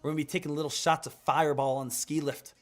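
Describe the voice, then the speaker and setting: A man's voice: a little high, level tone, fast. A man hosting a live day-trading stream, coaching viewers in an upbeat, repetitive hype style. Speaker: day-trading livestream host. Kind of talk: live market commentary and coaching.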